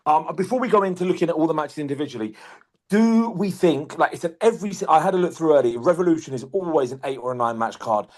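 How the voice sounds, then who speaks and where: A man's voice: on the high side, fast. Emphatic sweary man. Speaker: podcast co-host. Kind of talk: casual podcast chat.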